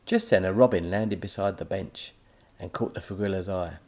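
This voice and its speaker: A man narrating a children's audiobook in a lively storytelling manner. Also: deep voice, moderate pace.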